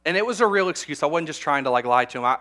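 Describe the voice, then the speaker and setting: Bright-voiced young male preacher. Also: on the high side, expressive, racing. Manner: conversational preaching with repeated words and humorous asides. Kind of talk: sermon to graduating students.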